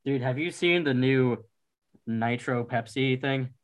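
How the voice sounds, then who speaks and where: A young man bantering with a friend, tossing out silly theories and laughing as he goes. His voice sits at an ordinary middle pitch in an easygoing chat. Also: unhurried. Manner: joking, laughs often, says bro. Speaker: friend in conversation. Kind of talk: casual chat.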